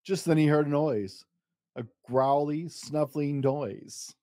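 A man hosting a storytime show, reading a children's picture book aloud with dramatic pauses. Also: no room sound, studio quality. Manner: expressive, dramatic pauses, lively pitch. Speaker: storytime podcast host and reader. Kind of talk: bedtime story read-aloud.

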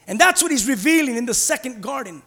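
A man preaching an Easter sermon as a pastor, dropping to hushed low passages and rising to loud urgent ones. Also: lively intonation, fast talker. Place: church. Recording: hall reverb.

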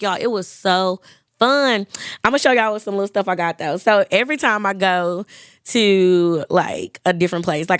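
A woman in her twenties hosting a podcast, chatting casually and lively, talking straight to listeners. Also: fairly low pitch, smooth, dry recording, studio quality. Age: 20s. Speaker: podcast host. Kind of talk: casual chat.

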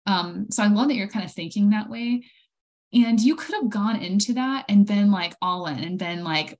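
A woman's voice: medium pitch, lively intonation, moderate pace, darkish tone. A woman hosting as a life coach, encouraging and upbeat, often saying "like" and "right". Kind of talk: interview.

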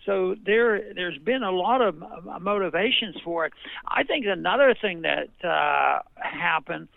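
An older man, a physician, being interviewed as a guest, speaking haltingly with repeated words and fillers. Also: high voice, animated, vocal fry, no echo. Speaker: guest, physician and former politician. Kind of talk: interview over a phone line. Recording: tinny phone line.

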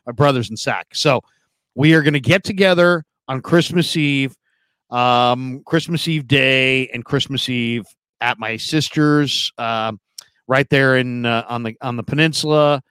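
Smooth-voiced middle-aged male co-host. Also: medium pitch, unhurried, fairly bright tone, dry recording. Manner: easygoing, rambling with fillers. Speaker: sports talk show co-host. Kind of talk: casual sports talk.

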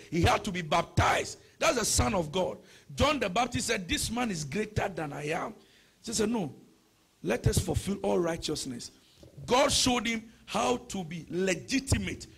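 A man preaching a sermon, moving from shouted, sing-song prayer to conversational teaching full of rhetorical questions. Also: sits high, creaky, slightly rough. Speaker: pastor.

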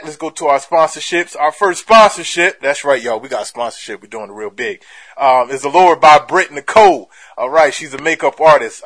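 A man's voice: mid-range voice, fairly bright tone. A man hosting a comedy podcast, chatty and full of fillers, hyping up his guest. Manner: hype-man delivery, heavy fillers. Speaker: podcast host. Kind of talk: casual podcast chat.

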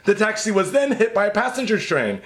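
High-voiced man reading news, roomy room. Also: big pitch swings, fairly quick, fairly bright tone. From lives in Japan. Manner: profane, joking, reads news stories aloud. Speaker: podcast co-host reading news. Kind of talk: casual crude news chat.

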